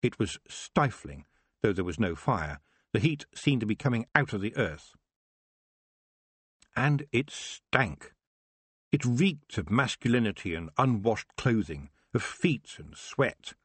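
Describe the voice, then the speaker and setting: A man narrating an audiobook with expressive storytelling. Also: lowish voice, slow pace, husky, no room sound. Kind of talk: scripted narration.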